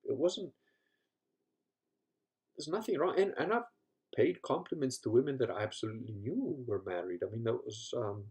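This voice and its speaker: A man in casual storytelling mode, rambling and profane, at an ordinary pitch for his sex. He laughs often and slips into brief impressions of the people he describes, restarting sentences as the thoughts come. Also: lively intonation, normal speed, pauses often, darkish tone. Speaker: podcast host.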